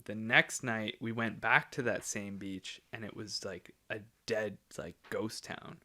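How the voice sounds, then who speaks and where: A man's voice: lowish voice, unhurried. A young man hosting a casual podcast, telling stories animatedly and acting out quotes. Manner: animated storyteller who acts out quotes. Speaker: podcast host.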